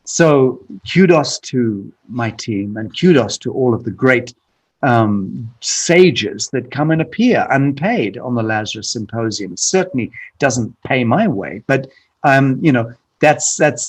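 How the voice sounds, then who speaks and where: A man's voice: mid-range voice, expressive, unhurried, husky. A man being interviewed who answers bluntly and emphatically, restarting phrases and repeating words often. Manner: blunt, emphatic, profane at times; frequent restarts and repetition. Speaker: podcast guest. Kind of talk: candid conversational interview.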